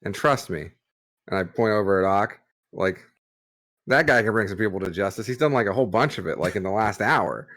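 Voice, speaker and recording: A man's voice: lowish voice, expressive, fairly quick, a bit bright. A man playing a tabletop game, talking earnestly in character with stammers. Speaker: player.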